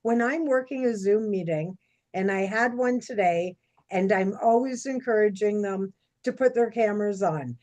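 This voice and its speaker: A woman, co-hosting a casual chat and telling stories in a chatty, animated way. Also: medium pitch, moderate pace. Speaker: podcast co-host.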